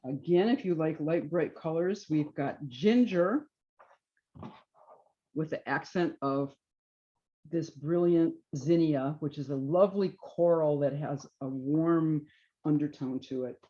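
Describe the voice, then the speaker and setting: A woman presenting knitting yarns and jackets to a small audience in a relaxed, chatty way, often trailing off with fillers and restarts. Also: deep voice, takes it slowly, lo-fi sound. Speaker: yarn shop presenter. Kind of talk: informal trunk show presentation.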